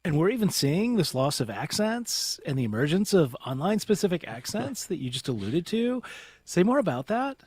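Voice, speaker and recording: A man's voice: on the high side, big pitch swings, moderate pace, a little mellow, slightly rough. A man hosting a public radio interview, with polished broadcast reads and loose, rambling questions. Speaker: radio show host.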